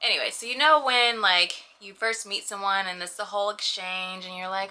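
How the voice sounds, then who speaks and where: Young woman, personal vlog, casual and animated, very bright voice, middle pitch. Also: normal speed, few pauses. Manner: animated, chatty, lots of "you know what I mean". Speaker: vlogger.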